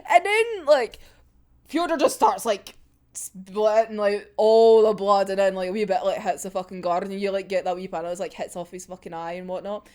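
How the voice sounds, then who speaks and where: A woman's voice: mid-range voice, normal speed, a little mellow. A young woman reacting to a manga chapter in casual, sweary talk, laughing often. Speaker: manga reaction video host.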